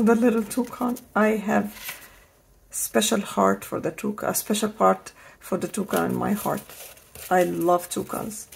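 Slow gravelly-voiced woman gushing over crafts. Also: medium pitch. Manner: gushing, enthusiastic, repeats praise words. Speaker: crafting channel host. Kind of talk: casual product haul show-and-tell.

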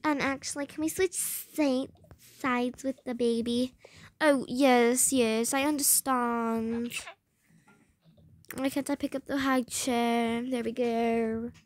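A woman's voice: on the high side, fairly even intonation, slow pace. A woman casually chatting over game voice chat while playing a restaurant server, playful and chatty with the other players. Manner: chatty, playful, serving guests in a pretend restaurant. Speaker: game channel host. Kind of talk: casual voice-chat role-play.

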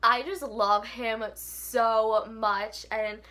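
Young woman book vlogger, bright and fairly high voice, effusive casual chatter. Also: little pitch movement, extremely slow. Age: young adult. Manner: gushing, with many "like" fillers. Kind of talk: casual chat.

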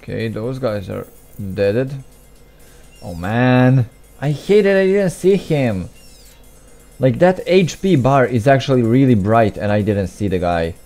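A young man with a mellow, medium-pitched voice talks through his gameplay at a measured pace. He mumbles, begins sentences again, makes asides, and puts himself down, all over faint background game music.

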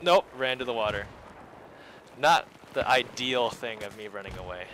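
This video host speaks in an animated, fairly bright mid-range voice at normal speed, chatting directly with viewers during live gameplay, mumbling asides and suddenly exclaiming. A little hiss or hum is audible.

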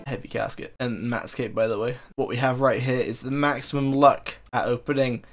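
A young man giving casual commentary over his own gameplay, excitable and chatty, often gasping and laughing as he talks to viewers. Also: mid-range voice, moderate pace, hardly any pauses, noisy background. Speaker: gaming video creator. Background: faint background music.

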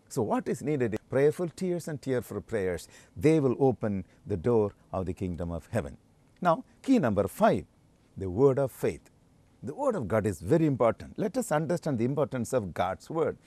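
An earnest male preacher delivering a sermon. His voice is dark and mellow, and his pitch rises and falls a lot as he stresses phrases slowly and repeats them. The sound is dry and close. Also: no echo. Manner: earnest, emphatic, with slow stressed phrases and repetition.

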